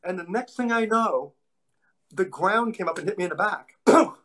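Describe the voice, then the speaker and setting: A man being interviewed, a martial arts instructor telling stories in an animated way with a casual manner. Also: high-pitched, normal speed. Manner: animated storyteller, acts out voices in anecdotes.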